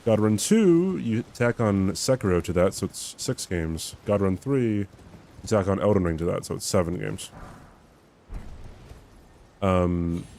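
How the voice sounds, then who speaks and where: Young male streamer, very low voice, casual rambling chat, self-mocking. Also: lively intonation, unhurried, gravelly, long pauses, mellow, slight background noise. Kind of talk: casual chat while gaming.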